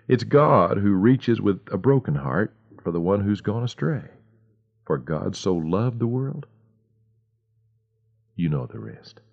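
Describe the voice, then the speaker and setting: A man hosting a devotional radio program, telling a story dramatically with slow, hushed pauses. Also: sits low. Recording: dull lo-fi radio recording.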